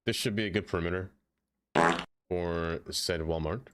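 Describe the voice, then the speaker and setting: A man's voice: low voice, normal speed, fairly bright tone, slight background noise. A young man from Brooklyn, rambling and joking as he reads chat on a casual gaming stream. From Brooklyn, New York.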